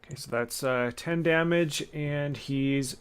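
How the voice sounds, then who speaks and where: A man playing a tabletop game, calmly describing his character's actions. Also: on the high side, takes it slowly, clear, resonant tone. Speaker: player.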